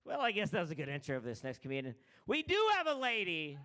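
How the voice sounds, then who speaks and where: A man's voice: a little high, wildly swooping pitch, fast talker, pushed and bright. A man hosting an open mic comedy night, brash and crude, teasing the crowd between acts. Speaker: comedy show host. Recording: live mic in a bar room.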